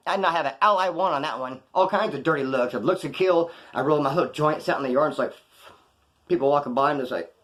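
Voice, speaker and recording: Man, fast-talking, animated, slangy, telling stories to camera. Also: a little high. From California. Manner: slangy, animated, acts out other people's lines. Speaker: vlogger telling prison stories. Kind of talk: casual storytelling to camera.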